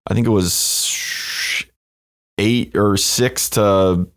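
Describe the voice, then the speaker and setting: A young American man, a startup co-founder and podcast guest, talking about his background in a relaxed, easygoing, conversational way. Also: on the low side, drawn-out words. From United States. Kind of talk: casual podcast interview.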